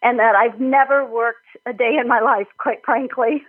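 A middle-aged woman from Minnesota, an author being interviewed on a podcast, talking warmly and enthusiastically with frequent laughter. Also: a little high, steady tone, normal speed, husky. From Minnesota, United States. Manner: warm, enthusiastic, laughs often. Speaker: author and nutrition guest. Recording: tinny phone-like line.

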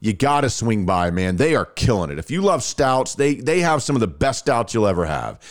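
Excitable man hosting a podcast. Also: medium pitch, normal speed. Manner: excitable, gushing, chatty storyteller. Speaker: podcast host. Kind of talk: casual chat and ad read.

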